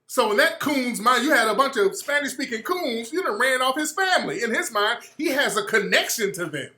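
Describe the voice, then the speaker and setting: A male radio host rants in a blunt, profane monologue, often restarting and repeating himself. His voice sits high and sounds bright and sharp. The room around him is echoey. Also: very animated, a little fast. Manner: acts out quoted people in mocking voices. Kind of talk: opinionated talk radio monologue.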